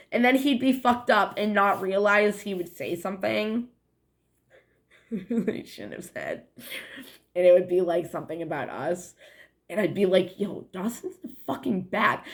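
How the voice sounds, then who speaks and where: A woman's voice: mid-range voice, lively intonation, unhurried. A young woman with a New England accent talking to her viewers in a meandering, casual monologue, full of "like" and swearing. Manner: meandering, heavy on "like" and swearing, frequent laughs. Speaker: vlogger. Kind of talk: rambling casual monologue to camera.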